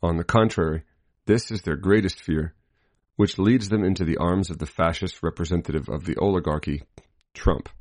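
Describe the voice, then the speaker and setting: A man reading a scripted political commentary in a measured, deliberate way, marking each quotation aloud. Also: low voice, darkish tone, no room sound, clean studio sound. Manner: spells out quotation marks.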